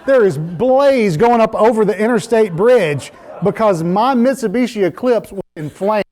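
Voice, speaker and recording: A pastor preaching a sermon in a church, telling a story in an animated way and laughing at himself. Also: male voice, high-pitched, normal speed. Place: church sanctuary.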